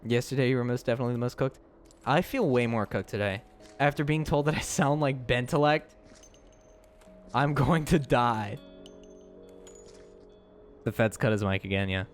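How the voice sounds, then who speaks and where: A man's voice: moderate pace, long pauses. Giggly rambling male streamer over faint music. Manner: giggly, rambling, breaks into high laughing shrieks. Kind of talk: casual live-stream chat.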